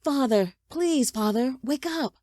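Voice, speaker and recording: A woman's voice: high-pitched, animated, a little slow, dark tone, dry recording, clean studio sound, pitched above the performer's own voice. A woman voicing an anxious young son who pleads urgently with his father. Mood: pleading.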